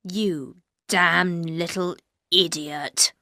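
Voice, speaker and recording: A woman voicing a sneering, spiteful middle-aged man with a lowered voice in an audiobook read. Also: expressive, normal speed, no room sound, studio quality, lightly acted.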